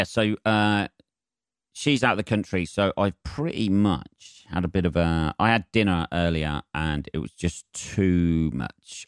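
A man's voice: low-pitched, clear, resonant tone, no echo, clean studio sound. A young man hosting a rambling solo podcast, chatty, sweary and self-mocking. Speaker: podcast host.

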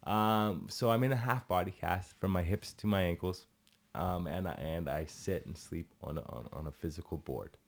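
A man's voice: deep voice, moderate pace, creaky. A man talking casually as a podcast guest, rambling with restarts and swearing, a little tipsy. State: a bit tipsy. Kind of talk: casual chat.

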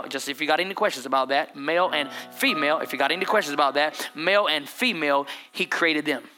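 A man's voice: on the high side, brisk. A man who is a pastor, delivering an impassioned sermon in a church with repeated, rising phrases. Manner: impassioned, repetitive and rising preaching. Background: music.

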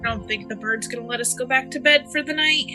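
A woman playing a tabletop role-playing game, making quick offhand remarks. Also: a little high, music in the background. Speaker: player. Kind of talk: casual tabletop play.

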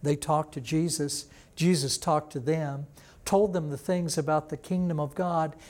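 Storytelling male pastor, fairly high voice. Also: fairly even intonation, a little slow, darkish tone. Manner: storytelling, acting out the people in the story; plain, conversational teaching. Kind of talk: sermon.

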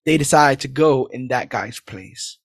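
A man recapping a movie in casual podcast chat, animated and laughing as he acts out lines. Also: mid-range voice, a little slow, no echo, clean studio sound. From New York City. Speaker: podcast co-host.

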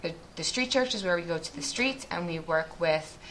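A woman's voice: lowish voice, lively intonation, normal speed, a bit bright, slight background noise. A woman speaking to a group as a missionary, giving an earnest, reflective faith testimony with many restarts.

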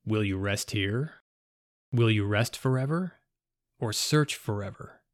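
Guy playing a creepy robed cult leader, intoning slow, deep-ish voice. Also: no room sound, clean studio sound. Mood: solemn. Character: solemn robed male cult leader intoning ritual words.

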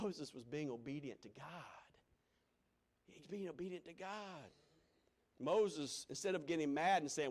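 A man's voice: on the high side, unhurried, pauses often, a little mellow. A man preaching a sermon, building repeated refrains and reading scripture aloud, with frequent chuckles. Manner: repetitive call-and-response cadence, chuckles often.

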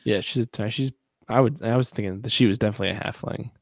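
A man co-hosting a podcast in casual chat, easygoing and agreeable, reading aloud a little haltingly. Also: on the low side, vocal fry, no room sound, clean studio sound. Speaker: podcast co-host.

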